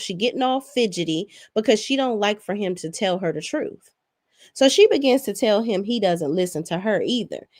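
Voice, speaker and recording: A woman's voice: medium pitch, darkish tone, no room sound, studio quality. A woman in her forties recapping reality TV in a sassy, profane, blunt way. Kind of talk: casual recap commentary.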